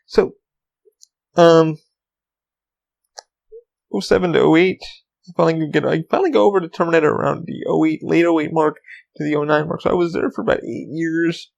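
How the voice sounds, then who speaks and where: A man's voice: fairly high pitch, steady tone, brisk, vocal fry, pauses often, a little mellow, dull audio. A man hosting his own podcast, chatting casually and rambling with lots of ums and swearing. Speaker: podcast host. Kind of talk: casual solo podcast chat.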